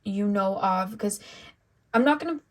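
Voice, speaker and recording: A woman's voice: medium pitch, lively intonation, a little slow, poor audio. A young woman doing a casual tarot reading, chatty, with many fillers. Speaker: tarot reader.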